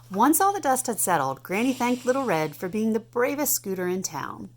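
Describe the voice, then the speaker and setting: A woman in her thirties reading a picture book aloud at home to a child, animated and playful. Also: fairly high pitch, moderate pace, a little hiss or hum. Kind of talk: storybook read-aloud.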